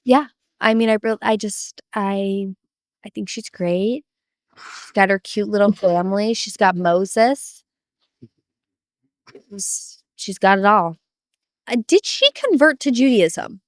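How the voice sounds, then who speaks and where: A woman's voice: medium pitch, slow, pauses often, no room sound, studio quality. A woman co-hosting a podcast in casual chat, rambling and teasing playfully. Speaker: podcast co-host.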